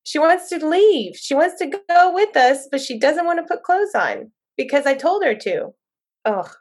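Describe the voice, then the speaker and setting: Mom in her 30s on a podcast, kinda high voice, acts out what she said w/ laughs. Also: moderate pace. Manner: animated storytelling, acts out her own quotes with laughter. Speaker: podcast guest, mother. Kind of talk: casual conversation.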